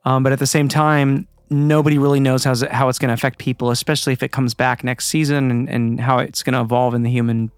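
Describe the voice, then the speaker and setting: A man's voice: medium pitch, little pitch movement, fast talker, hardly any pauses, clean tone, no echo. A man in casual podcast chat who teases, swears freely and riffs on topics. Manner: blunt, profane, riffing and teasing.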